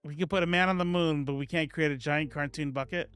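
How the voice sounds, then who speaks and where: A man's voice: fairly high pitch, steady tone, fast talker, a bit bright, clear, resonant tone, soft background music. A man doing casual live-stream political commentary, sarcastic and rambling, reading viewers' comments aloud as he goes.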